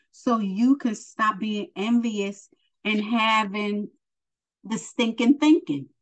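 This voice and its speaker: A woman's voice: fairly high pitch, poor audio. A woman preaching informally and earnestly, encouraging the listener and addressing them as honey, emotional and close to tears. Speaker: spiritual teacher.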